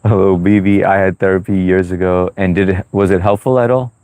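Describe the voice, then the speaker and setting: A man's voice: sits low, fairly even intonation, brisk, a little mellow, no room sound. A man hosting a livestream in a loose, chatty way, reading viewer comments aloud with lots of "uh" and "you know". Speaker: livestream host.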